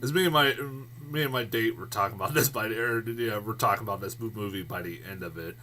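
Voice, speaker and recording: A man giving a casual, rambling movie review vlog, swearing freely, laughing often and getting loud and worked up. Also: lowish voice, quick pace.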